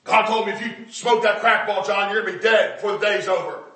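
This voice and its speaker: A preacher voicing a gruff, rough ex-addict man telling his story, in a loud and excited way. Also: high voice, quick pace, voice pushed up. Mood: earnest. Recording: echoey room, distant mic.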